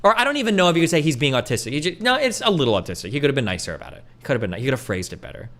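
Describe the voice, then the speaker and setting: Guy ranting fast on a stream, swears a lot, pitch jumps all over. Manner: profane, animated, acts out quotes in a mocking voice. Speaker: podcast host. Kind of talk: heated casual commentary.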